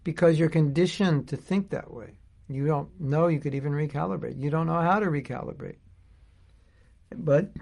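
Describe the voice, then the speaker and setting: A man's voice: a little high, vocal fry. A middle-aged man giving an informal spiritual talk, thinking aloud and searching for his words as he goes. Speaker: spiritual teacher.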